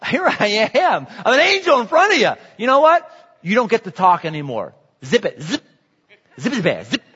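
A man plays a fed-up male angel who scolds in a loud, blunt voice. The voice sits raised and a little high. It echoes through a big hall and sounds dull. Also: very animated, normal speed, breathy edge, full character voice. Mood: annoyed scolding. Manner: loud, mock-angry, blunt.

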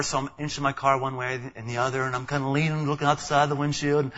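A high, bright-voiced man preaches to his congregation with lively energy, stumbling and repeating words as he acts out the voices in his stories. The recording sounds dull and lo-fi. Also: fast talker. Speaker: pastor. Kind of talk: sermon.

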